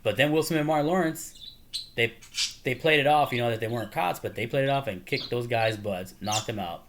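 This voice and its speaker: A man's voice: mid-range voice, fairly quick. Man, casual fan vlogger, mid-range voice, eager rambling retellings, noisy home take with birdsong. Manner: excited, rambling retelling of movie scenes with laughs. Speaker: movie fan showing his collection. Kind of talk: casual chat to camera. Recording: noisy home recording with birds chirping behind.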